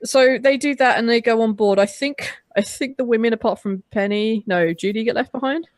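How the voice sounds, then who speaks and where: A woman's voice: on the high side, brisk, no echo. A woman co-hosting a casual movie review, sarcastic, swearing freely and often restarting her sentences. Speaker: podcast co-host.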